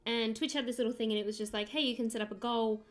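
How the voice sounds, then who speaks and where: A woman's voice: on the high side, steady tone, fast. A young woman from Australia with an Australian accent, chatting casually and rambling as she streams herself drawing and answers chat. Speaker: livestreamer.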